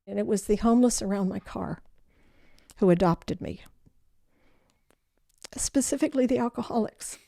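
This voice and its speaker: An older woman, the guest in an interview, telling her life story in an animated way and acting out the voices of people in it. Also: mid-range voice, moderate pace, gravelly, pauses often, dry recording, studio quality. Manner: animated storyteller who acts out quoted voices.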